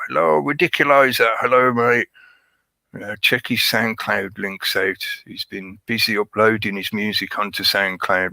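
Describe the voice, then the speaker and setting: A man's voice: fairly low pitch, sharp tone, no room sound. A man hosting a livestream, rambling through a conspiratorial monologue and greeting his chat. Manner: rambling, conspiratorial, chuckles at his own jokes. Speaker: livestream host.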